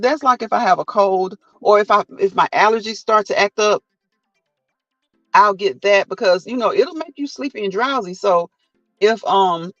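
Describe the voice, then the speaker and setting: High-voiced man telling animated stories. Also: no room sound, lo-fi sound. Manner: animated storytelling, acting out quotes; laughs often. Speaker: host. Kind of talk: casual live chat.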